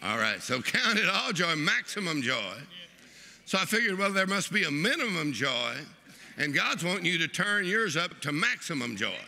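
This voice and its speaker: A preacher, delivering an exuberant sermon and leading the congregation in laughter. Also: male voice, high-pitched, big pitch swings, moderate pace, creaky, pushed and bright. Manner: exuberant, leads the crowd in laughing. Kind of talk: lively sermon.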